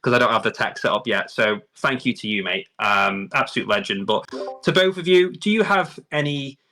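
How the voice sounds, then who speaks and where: A man's voice: mid-range voice, lively intonation, moderate pace, bright, forceful tone. A man hosting a live stream, chatting casually and effusively, often repeating words as he talks. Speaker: host. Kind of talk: casual livestream chat.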